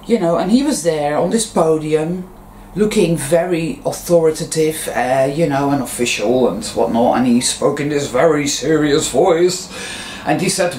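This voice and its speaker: At home, a woman vlogs a casual monologue to camera, speaking her mind frankly and ramblingly while swearing freely. Her voice is deep and darkish at a moderate pace, and the recording has a roomy echo with faint background noise.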